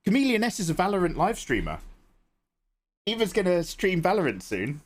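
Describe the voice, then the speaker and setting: A man's voice: high voice, wildly swooping pitch, normal speed. A man livestreaming his digital drawing, rambling and joking as he talks to his chat. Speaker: art livestreamer.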